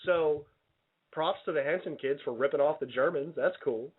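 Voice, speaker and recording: A man hosting a casual comedy radio show, with a voice a bit higher than most men's. He rambles in mock outrage and trips over his own restarts. The sound is thin and tinny, as if heard over a phone line. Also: normal speed, husky.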